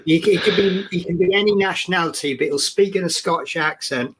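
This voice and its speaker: A man with a somewhat high voice co-hosts a live stream. He chats casually and drifts into tangents, keeping the tone light. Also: a little fast, fairly bright tone, slightly rough. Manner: chatty, goes off on film tangents. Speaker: co-host.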